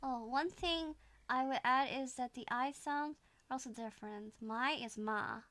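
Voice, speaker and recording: A woman's voice: high-pitched, normal speed, a bit bright, no room sound. A woman from the Netherlands with a Dutch accent, chatting casually and giggling on a reaction stream.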